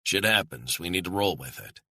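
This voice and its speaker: A curt male handler barking clipped orders down the line, as a male narrator puts him on. The voice sits low, husky and sharp-edged, recorded dry and close. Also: expressive, moderate pace, no room sound, exaggerated voice. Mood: tense, blunt. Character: terse male covert handler on phone.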